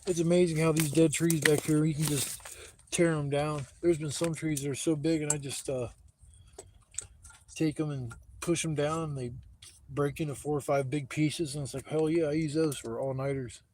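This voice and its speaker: Man, casual livestreamer outdoors on a phone, slightly high voice, loose and profane storyteller. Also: fairly even intonation, normal speed, background noise. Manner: rambling, profane, heated retelling with quoted dialogue. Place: outdoors in woods.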